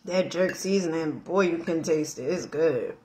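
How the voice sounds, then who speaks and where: A middle-aged woman vlogging, telling a story in a casual, animated way, laughing often, with slang and emphatic swearing. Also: deep voice, a little slow, slight background noise. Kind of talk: casual storytelling chat while eating.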